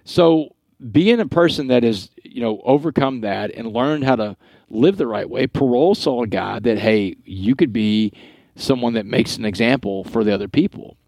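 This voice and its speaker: A middle-aged man from Texas, a guest telling his life story in an earnest, animated way with quoted dialogue. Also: mid-range voice, normal speed, vocal fry, no echo. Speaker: guest speaker. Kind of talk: storytelling interview.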